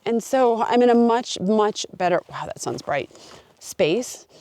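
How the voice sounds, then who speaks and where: A woman's voice: fairly high pitch, animated, a little slow, a little mellow. Earnest woman vlogging on a mountain trail. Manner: earnest, open and heartfelt. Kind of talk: reflective talk to camera.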